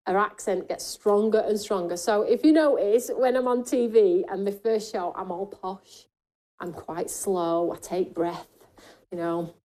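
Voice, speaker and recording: A woman hosting a live craft shopping show, chatty and jokey as she pitches deals and reads viewer comments. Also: warm tone.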